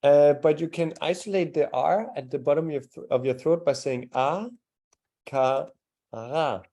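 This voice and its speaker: Running a live language lesson, the male teacher sounds warm and mellow, his pitch a little high. He takes his time modeling each sound separately and compliments students on their tries.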